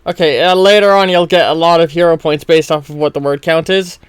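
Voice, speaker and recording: A man's voice: a little high, steady tone, fairly quick, smooth, no room sound. Brief: man game master narrating, trips over words and mocks himself, resonant tone, dry close sound. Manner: stumbling, self-mocking, chuckling. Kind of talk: narrating a role-play story.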